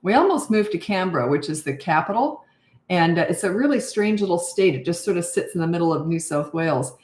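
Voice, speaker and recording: A woman's voice: lowish voice, animated, brisk, a little mellow. Older woman chatting on a livestream, roomy sound. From Canada. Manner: chatty, reads out viewer comments and greets them. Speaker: parenting coach hosting a livestream. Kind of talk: casual livestream chat.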